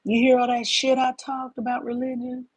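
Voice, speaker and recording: A woman's voice: high-pitched, monotone, moderate pace, husky, dry recording. A woman in her fifties giving a casual spiritual monologue, emphatic and profane, often calling listeners "baby.". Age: 50s. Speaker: spiritual talk host.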